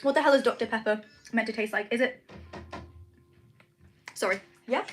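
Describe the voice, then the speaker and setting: A woman's voice: on the high side, normal speed, soft background music. A young woman chatting casually on a livestream from her room at home, rambling with lots of "like" and "um". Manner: chatty, rambling, says "like" and "um" often. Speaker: streamer.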